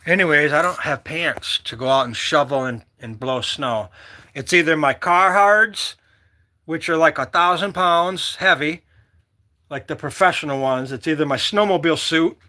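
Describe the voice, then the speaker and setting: A man from Michigan vlogging casually, rambling and joking with loud whoops. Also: a little high, moderate pace. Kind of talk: casual outdoor vlog chat.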